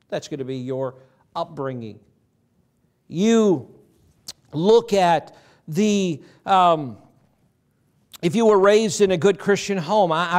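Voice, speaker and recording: A middle-aged man preaching a sermon as pastor, folksy and conversational, asking the congregation questions. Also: on the high side. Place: church sanctuary.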